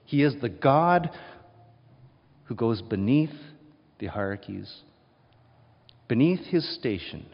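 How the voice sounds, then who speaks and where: A male pastor preaching a sermon, swinging between hushed and loud passages and acting out voices. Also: mid-range voice, expressive, takes it slowly, long pauses. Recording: dull sound with long hall reverb.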